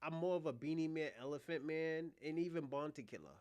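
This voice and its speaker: Here the US livestream host talks quickly in a fairly high but darkish, clean voice. Recorded dry, he riffs on clips in a loose, profane, meandering way while addressing viewers head-on.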